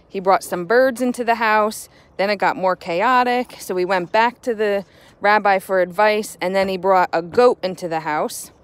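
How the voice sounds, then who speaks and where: A woman teacher speaking warmly and directly to children in a friendly, encouraging morning message. She talks in a relaxed, chatty way, recorded outdoors on a porch. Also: mid-range voice, smooth. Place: outdoors on a home porch by woods.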